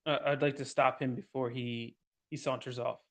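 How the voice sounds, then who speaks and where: A man's voice: medium pitch, flat delivery, normal speed, fairly bright tone. A man playing a tabletop game, speaking in character as a boastful folk hero in a jokey way. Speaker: player.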